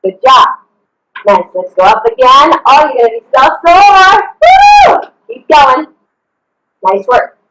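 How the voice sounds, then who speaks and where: A woman's voice: sits high, sing-song, unhurried, roomy sound, background noise. Upbeat woman fitness coach, slightly breathless. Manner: upbeat, encouraging, counting reps, whooping. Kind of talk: live online workout instruction.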